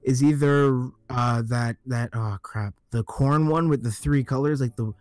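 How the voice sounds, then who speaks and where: A man's voice: medium pitch, measured pace, a little mellow, no room sound, clean studio sound. A man co-hosting a podcast in casual chat, often hesitating and searching for words. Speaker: podcast co-host. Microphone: own microphone.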